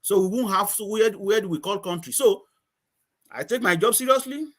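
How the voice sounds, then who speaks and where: A man from Nigeria, a guest telling stories in casual conversation, halting and repeating words, often laughing. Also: high voice, fairly bright tone.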